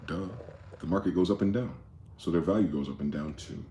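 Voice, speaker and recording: A man's voice: deep voice, fairly quick, mellow, echoey room, a little hiss or hum. A man hosting a rambling late-night monologue, profane and conspiratorial in tone, with many asides. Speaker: host.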